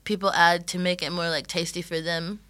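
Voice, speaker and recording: A woman's voice: fairly low pitch, brisk, no room sound. A woman, chatting playfully as a guest on a podcast. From Texas. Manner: animated, laughing, playful. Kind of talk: casual podcast chat.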